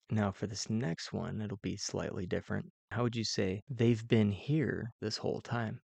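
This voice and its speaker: A man's voice: fairly low pitch, fairly even intonation, normal speed, vocal fry, few pauses, darkish tone, slightly rough, no room sound. A man teaching a language lesson, patiently posing prompts and repeating each example sentence twice. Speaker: Mandarin teacher.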